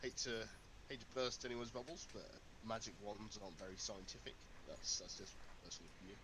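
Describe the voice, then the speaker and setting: A man playing a party game, rambling and hesitant as he improvises a pitch. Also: fairly quick. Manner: rambling, hesitant, laughing between lines. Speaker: game player. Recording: loud background noise.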